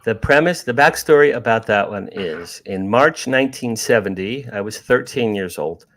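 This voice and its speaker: Older author guest, fairly low voice, lively storyteller who repeats and restarts. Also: male voice, moderate pace. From New Jersey. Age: 60s. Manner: animated, restarts and repeats words. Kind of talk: casual storytelling.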